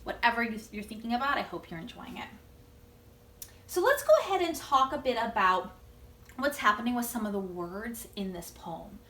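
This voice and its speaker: A woman with an American accent teaches a children's video lesson in an echoey room. Her voice is bright and sits a little high. She talks in a gentle, encouraging way and invites the children to join in.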